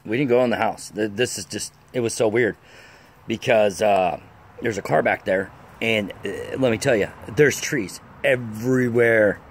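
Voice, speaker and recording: Gravelly low-voiced man swearing through a story. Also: a little hiss or hum. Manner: rambling, swears a lot, many fillers. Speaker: storyteller vlogger. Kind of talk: casual profane storytelling.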